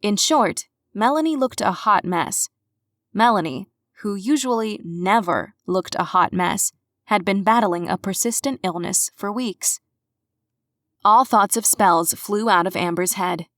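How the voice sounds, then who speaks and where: Audiobook narrator: woman, mid-pitched, measured, dry studio sound. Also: no echo. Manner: even, measured storytelling. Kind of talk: scripted narration.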